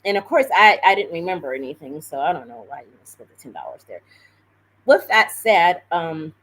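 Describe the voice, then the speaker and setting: A woman's voice: on the low side, expressive, normal speed, fairly bright tone, poor audio. A woman on a live stream telling a story in a casual, rambling way, full of fillers and self-corrections.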